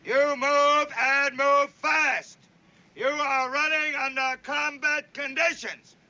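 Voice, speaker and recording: An actor playing a stern, sarcastic Marine drill sergeant who barks orders and counts cadence, in a 1960s sitcom. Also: male voice, very high-pitched, level tone, slow pace, sharp tone, exaggerated voice. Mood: barking. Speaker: drill instructor. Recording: dull old TV soundtrack.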